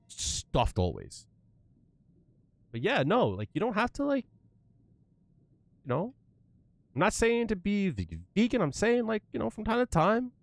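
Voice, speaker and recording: A young man talking straight to his stream chat in a loose, profane, conversational way. His pitch is lively and climbs high as he rants. The sound is dry and close, with no room around it. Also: dry recording. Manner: animated, swearing, rising to worked-up rants. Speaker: livestreamer. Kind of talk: casual livestream chat.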